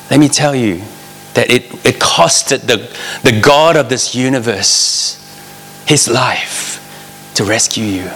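A man preaches a sermon in a bright, forceful voice, speaking earnestly and directly to his listeners in a plain, conversational way. His words ring out in a large hall, with a long reverb trailing behind each phrase. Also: mid-range voice, slight background noise.

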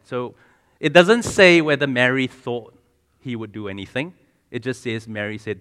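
A man's voice: mid-range voice, animated, moderate pace, a bit bright, clear, resonant tone, in a large hall. A man preaching a sermon in a conversational way, asking the congregation questions and often restarting and repeating words.

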